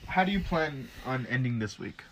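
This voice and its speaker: A man's voice: mid-range voice, expressive, normal speed, slight background noise, low-quality recording. A young man co-hosting a casual podcast, teasing his friend with short replies. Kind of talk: casual chat.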